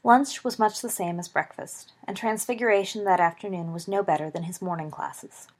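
A woman reading a story aloud as narrator, in a steady, expressive way. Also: medium pitch, moderate pace. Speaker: reader.

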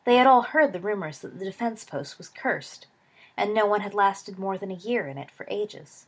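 A woman reading a story aloud with steady, expressive narration. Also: mid-range voice, normal speed, husky.

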